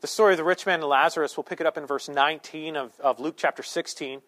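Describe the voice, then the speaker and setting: A man delivers a sermon in a church with a voice pitched noticeably high for a man. He keeps it conversational, tossing in jokes and asides, then suddenly bursts out loud to drive a point home. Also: fast. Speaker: pastor. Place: church sanctuary.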